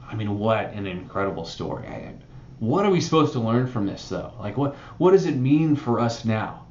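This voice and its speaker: A man's voice: lowish voice, moderate pace, roomy sound, dull audio, slight background noise. A man preaching a sermon, talking conversationally and often adding "right?" as he explains a Bible passage. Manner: conversational, animated preaching with frequent "right?" asides. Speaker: pastor.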